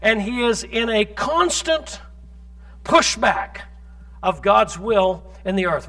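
In a church sermon, a male pastor with a strikingly high voice preaches emphatically, firing off scripture and repeatedly putting rhetorical questions to the congregation. His delivery is expressive, slow, bright and forceful.

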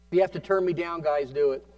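A man's voice: on the high side, a little mellow, far from the mic. A man preaching a fervent sermon as pastor, often prompting the congregation with amen.

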